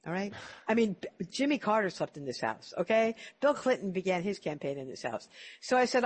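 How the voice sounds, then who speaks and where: A man's voice: high voice, big pitch swings, fairly quick, slightly rough. A man hosting an interview, chatty and telling stories, often repeating words as he starts a sentence. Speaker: interview host. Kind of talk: casual storytelling interview.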